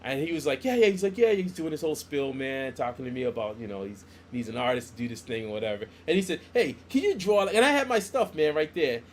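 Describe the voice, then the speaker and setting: A slightly high-voiced middle-aged comic artist talks at a quick pace with few pauses, telling stories on a casual podcast. He animatedly plays out the dialogue he quotes, with a little hiss or hum in the background.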